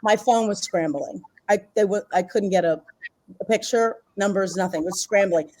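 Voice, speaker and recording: A woman's voice: medium pitch, normal speed, darkish tone. A middle-aged woman, a guest author and healer, tells a personal story in a casual interview, rambling, restarting her phrases and laughing often.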